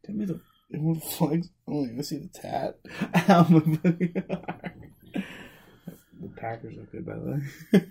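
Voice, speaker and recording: A man's voice: a little high, lively intonation, slow, vocal fry, pauses often, a little mellow, husky. A young man co-hosting a podcast in casual chat, swearing a lot and laughing often. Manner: profane, rowdy, laughs often. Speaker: podcast co-host.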